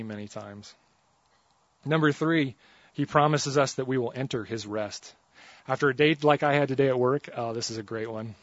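A man's voice: mid-range voice, dry recording, lo-fi sound. A young adult man preaching a sermon, reading scripture and telling funny stories about himself in an easygoing, conversational way. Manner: conversational, self-deprecating storytelling between scripture readings.

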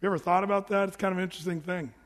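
A man with a high voice preaches to his congregation, animated and conversational, tossing in rhetorical asides. His voice carries a long reverb from the church hall around him. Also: very fast. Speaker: pastor. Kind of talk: sermon. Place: church sanctuary.

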